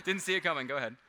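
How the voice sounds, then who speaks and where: A man with a voice that sits high and a sharp tone performs comedic mind-reading live on a big convention stage. He works with volunteers from the audience, chatting, poking fun at himself and laughing frequently.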